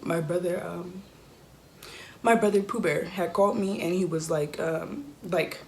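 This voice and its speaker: A young woman telling an emotional personal story in a halting, soft-spoken way with many fillers. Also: fairly low pitch, steady tone, a little hiss or hum. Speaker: YouTuber.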